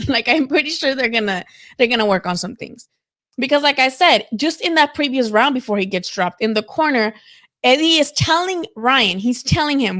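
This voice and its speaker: A woman's voice: high-pitched, fairly quick, fairly bright tone. A woman hosting a live boxing talk stream, chatting casually and animatedly, swearing freely and filling with "like" and "you know". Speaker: boxing show host.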